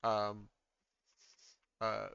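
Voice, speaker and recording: A man narrating as game master, halting with many fillers and restarts. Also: on the low side, completely flat delivery, creaky, sharp tone, clean tone, no room sound, muffled recording.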